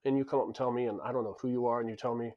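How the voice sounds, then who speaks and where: A man's voice: medium pitch, steady tone, rapid-fire, muffled recording. A man who owns a club tells stories in a casual monologue, blunt and emphatic, often repeating words as he restarts sentences. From lives in Japan. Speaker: club and bar owner.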